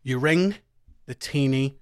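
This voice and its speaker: A man narrating as game master, relaxed and chatty. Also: medium pitch, takes it slowly, smooth, no echo, studio quality.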